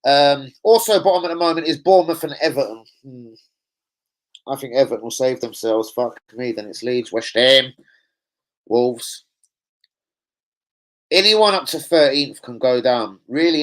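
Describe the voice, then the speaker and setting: A young man hosts a football fan stream, chatting casually in a mid-range voice with lively intonation at a moderate pace. He rambles and swears, tossing in plenty of slang. The recording quality is low.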